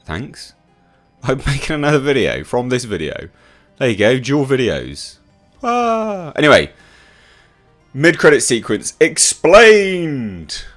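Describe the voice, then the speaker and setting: Exasperated man ranting, animated. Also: medium pitch. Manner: exasperated, swears freely, rambling with restarts. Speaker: film reviewer. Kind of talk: casual video review rant.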